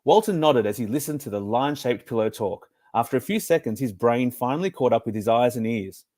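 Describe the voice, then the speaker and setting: A man's voice: medium pitch, lively intonation, brisk, a little mellow. A man, a children's author reading his book aloud with playful storytelling.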